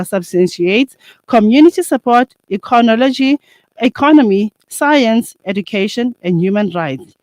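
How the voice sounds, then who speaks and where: A woman's voice: fairly high pitch, a little mellow, no echo. A young adult woman hosting a radio talk show. She reads her introduction with many hesitations.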